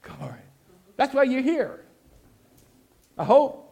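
A pastor preaching, leading the congregation in call and response and shouting out his refrains. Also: very high-pitched, very animated, slow pace, vocal fry, husky. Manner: exhorting, shouting refrains, laughing asides.

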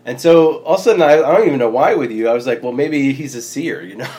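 A man's voice: on the high side, animated, fast, a little mellow, husky. A man hosting a casual faith talk show, upbeat and chatty, laughing easily and filling his speech with "like" and "you know". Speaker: host.

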